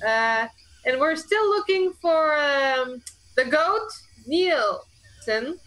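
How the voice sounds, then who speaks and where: A woman playing a tabletop game in character, speaking haltingly with many fillers. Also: high voice, animated, fairly bright tone, poor audio. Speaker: player.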